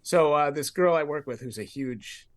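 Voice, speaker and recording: Animated high-voiced man telling a story. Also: moderate pace. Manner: animated, acts out his own past thoughts. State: grieving. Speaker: podcast co-host. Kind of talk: casual storytelling.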